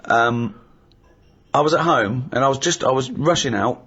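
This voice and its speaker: A middle-aged man telling comic anecdotes in casual chat, animated and laughing as he acts out what people said. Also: medium pitch, normal speed, slightly rough, lo-fi sound. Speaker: comedy podcast host.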